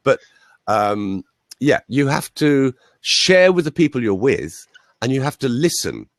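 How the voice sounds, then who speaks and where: A male voice coach with a standard Southern English accent, telling anecdotes in an animated way and mimicking voices. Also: medium pitch, measured pace, no room sound, studio quality. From Ireland. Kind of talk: interview, anecdotal chat.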